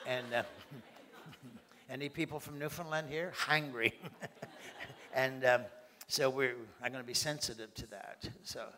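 A man's voice: medium pitch, a little slow, pauses often. A man preaching a sermon, acting out short scenes in different voices. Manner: animated, acts out little scenes with voices. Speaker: pastor.

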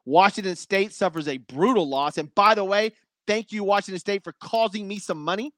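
High-voiced energetic sports host. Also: male voice, fairly quick, no echo. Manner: energetic, chatty, laughs at his own takes. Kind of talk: solo sports talk.

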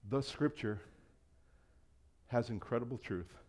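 A man's voice: mid-range voice, measured pace, a little mellow. A male pastor giving a conversational sermon, acting out quoted voices and laughing often.

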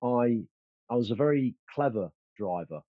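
A man's voice: mid-range voice, expressive, moderate pace, no echo, phone-quality sound. A man telling stories as an interview guest, confident and boastful, with many fillers and restarts. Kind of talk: casual storytelling.

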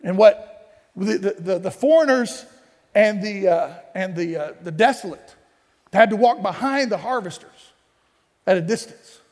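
A man's voice: high voice, expressive, a little slow, a little mellow. A male pastor preaching a sermon, telling the story in a conversational, playful way with asides, in a church sanctuary. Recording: long hall reverb.

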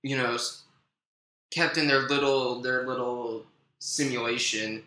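Young guy on a podcast, bright jumpy voice, kinda roomy echo with faint hiss, stumbles into questions. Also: mid-range voice, fairly even intonation, measured pace. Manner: hesitant, jumpy interjections. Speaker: podcast co-host. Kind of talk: casual comedy podcast chat.

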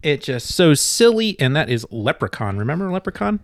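A man's voice: a little high, sing-song, brisk. Laid-back male podcast host. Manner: easygoing, laughs often. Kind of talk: casual podcast chat.

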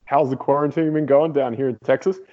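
A man's voice: medium pitch, fairly quick. A man on a podcast telling a funny story, acting out what people said. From outside the United States. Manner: animated storyteller, acts out quotes. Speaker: podcast guest. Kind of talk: casual storytelling. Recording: dull lo-fi audio.

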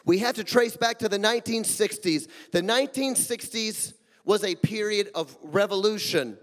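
High-voiced pastor preaching in a hall. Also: male voice, moderate pace. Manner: emphatic, rhetorical questions, swings between loud and hushed. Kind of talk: sermon. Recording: long hall reverb.

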